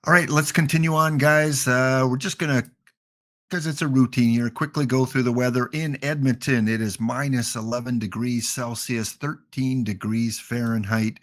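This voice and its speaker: A man's voice: mid-range voice, fairly even intonation, normal speed, fairly bright tone. Jokey Canadian man streaming. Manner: jokey, rambling, playful asides. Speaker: gaming livestream host. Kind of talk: casual livestream chat.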